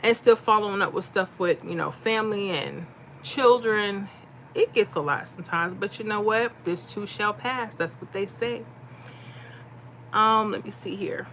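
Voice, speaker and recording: Woman from Florida, middle-aged, casual live chat, bright tone, faint background noise. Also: medium pitch, measured pace. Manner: chatty, reads comments aloud, folksy. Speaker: livestream host.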